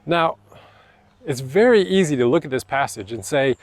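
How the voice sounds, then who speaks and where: A man's voice: medium pitch, expressive, moderate pace, no echo. A man preaching a sermon as pastor, in a casual, conversational way with slangy asides. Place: church.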